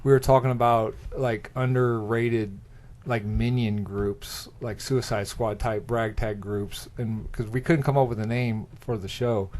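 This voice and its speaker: A man's voice: medium pitch, fairly even intonation, a little slow, a little mellow. Rambling, jokey man hosting a podcast. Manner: rambling, jokey, often restarts. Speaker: podcast host. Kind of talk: casual chat.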